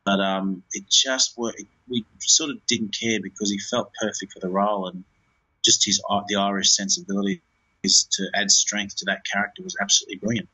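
Low husky guy rambling about his film, bright edgy tone, kinda dull lo-fi audio. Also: little pitch movement, a little fast. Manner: rambling, many fillers and restarts. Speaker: film director. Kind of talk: interview.

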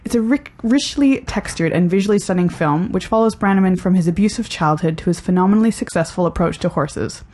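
A woman's voice: fairly low pitch, fairly quick, few pauses, a little mellow. A woman with a Canadian accent co-hosting a film podcast, reading out reviews with a dry, wry delivery. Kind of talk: casual chat and read review.

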